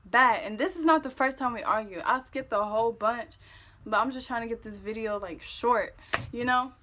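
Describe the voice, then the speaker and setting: A young woman vlogger telling a story-time tale in casual, profane, animated talk that gets loud when she replays an argument. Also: on the high side, moderate pace, noisy background.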